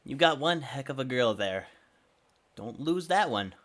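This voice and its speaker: A man's voice: medium pitch, measured pace. A man voicing a small, friendly male shopkeeper who is an eager salesman with a chirpy manner. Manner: chirpy, eager, rising excitement.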